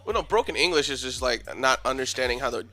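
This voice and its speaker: A young man riffs his way through casual podcast banter, cursing freely as his thoughts wander from one point to the next. His voice sits at an average pitch and comes across bright and forward. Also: animated, fast, faint music behind. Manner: loose, profane, rambling. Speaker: podcast host.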